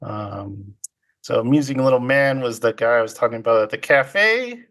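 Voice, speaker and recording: A man's voice: medium pitch, animated, moderate pace, a bit bright. A man co-hosting a podcast, casually recapping a film in a loose, chatty way and laughing often. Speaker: podcast co-host.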